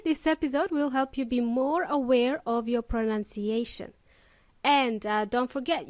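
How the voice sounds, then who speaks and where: Slow, high-voiced woman teaching pronunciation. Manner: slow, clear demonstration of pronunciation, cheerful sign-offs. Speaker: podcast host and English teacher. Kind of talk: podcast English lesson.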